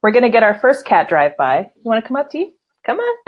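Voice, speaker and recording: A woman's voice: a little high, huge pitch swings, quick pace, muffled recording, a little hiss or hum. A woman hosting a casual live-stream talk show, laughing often and reading out viewer comments. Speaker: host.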